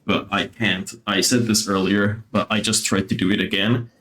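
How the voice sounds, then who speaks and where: A deep-voiced streamer gives casual commentary while building a theme park, speaking at a moderate pace with few pauses. His tone is level yet fairly bright. He uses a desktop mic and fills his chat with fillers and an occasional swear.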